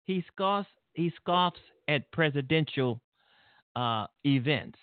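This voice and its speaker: A man's voice: a little high, animated, slow pace, smooth, no echo. Angry talk show host, man, profane and rambling; thin phone-line sound. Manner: heated, profane, rambling with restarts. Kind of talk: angry political commentary. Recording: tinny phone-like line, dry.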